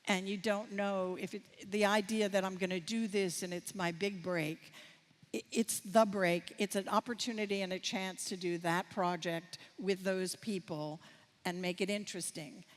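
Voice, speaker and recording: An older American casting director giving a masterclass talk, candid and rambling, with many fillers and restarts. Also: female voice, medium pitch, steady tone, normal speed. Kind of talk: masterclass conversation. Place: festival stage. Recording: reverberant hall.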